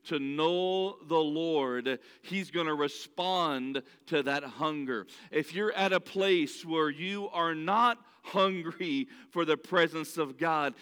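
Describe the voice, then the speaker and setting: A man's voice: high-pitched, a bit bright, smooth. A man preaching an earnest, conversational sermon, telling stories and asking the listeners questions directly. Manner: earnest, storytelling, asks the crowd directly. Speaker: pastor. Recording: long reverb of a large hall.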